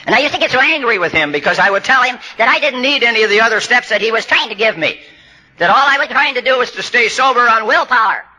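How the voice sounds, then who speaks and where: At a recovery workshop, an older man tells funny stories that build to punchlines, using blunt, salty language. He talks fast in an extremely high-pitched voice with a sharp tone and lively intonation.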